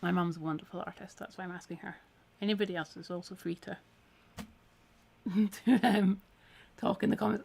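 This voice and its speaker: Speaking fairly quickly in a mid-range, creaky, darkish voice with fairly even intonation, a Scottish woman pauses often during her live needle felting tutorial. She keeps up a chatty, encouraging commentary while working, her voice a bit tired after a week of talking.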